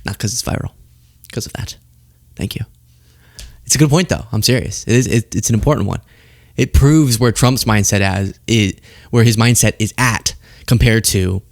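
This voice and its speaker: A man's voice: lowish voice, no room sound, clean studio sound. A man hosting a political commentary show, talking casually and sarcastically with frequent laughter.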